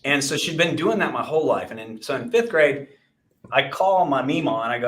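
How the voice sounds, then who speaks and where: This forty-something Texan, an insurance agency owner co-hosting a podcast, speaks in an expressive mid-range voice that is a bit bright and a little fast. He rambles through a casual, self-deprecating story with many restarts. The room gives off a noticeable echo.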